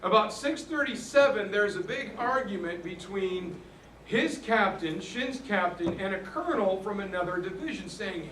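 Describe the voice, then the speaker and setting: Man, fairly high voice, earnest history storyteller, recorded in a roomy space from a distant mic. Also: animated, normal speed, fairly bright tone, slight background noise. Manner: earnest retelling that acts out quoted soldiers. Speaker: speaker on history.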